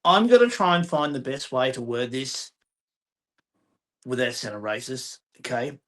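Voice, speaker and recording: A man's voice: medium pitch, unhurried, a bit bright. An Australian man who works as a fauna spotter, talking casually in a blunt, exasperated way. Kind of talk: casual chat.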